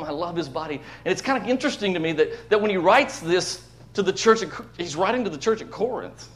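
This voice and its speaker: A man preaching a sermon to his church, emphatic, swinging between loud declarations and hushed asides, often repeating words. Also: fairly high pitch. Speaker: pastor. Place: church sanctuary.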